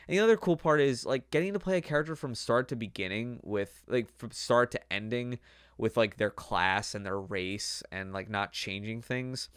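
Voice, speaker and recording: A man's voice: medium pitch, a bit bright, clear, resonant tone, no echo, clean studio sound. A young man hosting a podcast, chatting casually in a rambling way with lots of fillers. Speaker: podcast host. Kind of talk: casual chat.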